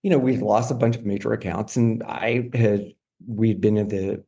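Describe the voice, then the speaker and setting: Brief: middle-aged man, gravelly low voice, a podcast guest recounting his career frankly, lots of casual fillers. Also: steady tone, moderate pace, mellow. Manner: frequent fillers like "like" and "you know". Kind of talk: candid storytelling in conversation.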